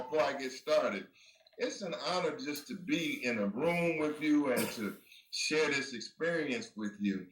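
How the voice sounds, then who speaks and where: A man's voice: medium pitch, a bit bright. Earnest man in a roomy space. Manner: earnest, deferential. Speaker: author. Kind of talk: casual chat. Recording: roomy audio with faint noise.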